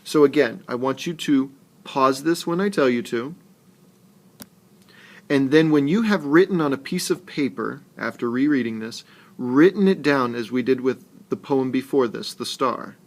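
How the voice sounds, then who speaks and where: A man's voice: mid-range voice, normal speed. A man teaching a screencast lesson on poetry, patient and instructive. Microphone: tablet screencast mic.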